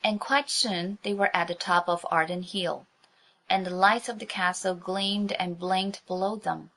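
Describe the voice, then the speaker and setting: A woman narrating a children's audiobook in a clear, even storytelling manner. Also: lowish voice, a little slow.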